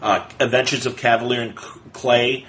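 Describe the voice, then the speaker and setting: A man in the middle of a casual podcast conversation, talking fast and animatedly. His voice sits at a middle pitch. He keeps slipping into playful voices whenever he quotes someone. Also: little pitch movement, a bit bright, low-quality recording. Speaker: podcast co-host. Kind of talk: casual chat.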